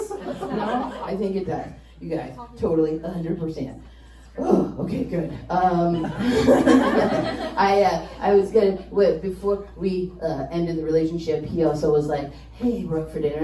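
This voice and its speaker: A woman's voice: low voice, noisy background. A woman performing a stand-up comedy set, telling stories animatedly and acting out quotes in exaggerated voices. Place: stage before a live audience. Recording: roomy live stage mic, distant, crowd laughter.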